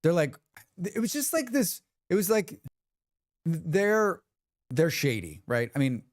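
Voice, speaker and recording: A man's voice: a little high, takes it slowly, dry recording, studio quality. A man hosting a livestream, chatting casually with viewers and telling stories, acting out what others said and swearing freely. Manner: animated storyteller who acts out quotes and swears freely. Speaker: livestream host.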